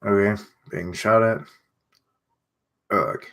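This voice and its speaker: A man's voice: fairly low pitch, lively intonation, unhurried, fairly bright tone. A man streaming his reading of a comic, giving chatty commentary and muttering asides as he goes. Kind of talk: casual reading reaction.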